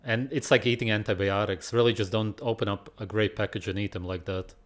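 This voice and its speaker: A man's voice: fairly low pitch, fairly even intonation, fairly quick, background noise. A man giving sarcastic, mocking reaction commentary over a video. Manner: puts on a mock British accent at times.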